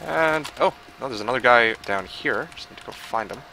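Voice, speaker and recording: A man giving casual live commentary while playing an online shooter, muttering, swearing and breaking into yells and laughter. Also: mid-range voice, lively intonation, a little fast, slight background noise. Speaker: gaming livestreamer.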